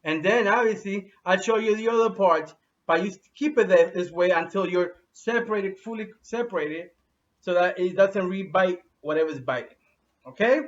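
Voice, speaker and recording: A man giving an unscripted how-to demonstration at home with his pets, talking in a halting way with many restarts and fillers. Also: high voice, far from the mic. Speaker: dog owner giving a how-to. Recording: dull lo-fi sound from off mic.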